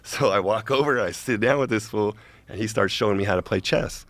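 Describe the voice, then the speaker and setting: Low, gravelly man telling a story. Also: fairly quick, no echo. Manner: laid-back, slangy. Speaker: interview guest. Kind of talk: casual storytelling.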